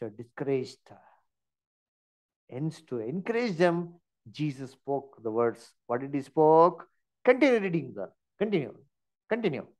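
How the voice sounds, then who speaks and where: Animated teacher. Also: male voice, on the high side. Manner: animated, many fillers and rhetorical questions. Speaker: Bible study teacher. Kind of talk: online Bible study teaching.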